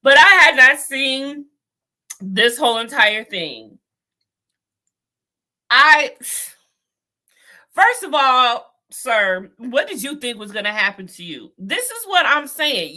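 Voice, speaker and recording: A woman's voice: a little high, sharp tone. A young adult woman giving outspoken, exasperated political commentary, talking straight to her viewers. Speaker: vlogger.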